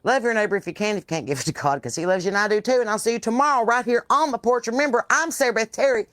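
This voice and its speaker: Hosting a casual live chat from her porch outdoors, this Southern US podcast host tells animated stories full of salty language and plenty of swearing. Her voice is fairly high and very fast, with no echo.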